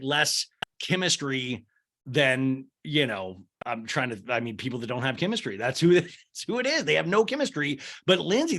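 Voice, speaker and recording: A man hosting a podcast, recapping reality TV in comedic, joking chat and putting on voices now and then. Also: a little high. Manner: animated, joking, slips into voices for the people he describes. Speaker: podcast host.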